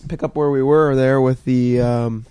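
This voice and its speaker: A man's voice: medium pitch, fairly even intonation, normal speed, mellow, smooth, no echo. A man hosting a podcast, talking loosely with an old friend and swearing freely. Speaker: podcast host. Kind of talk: casual conversation with a friend.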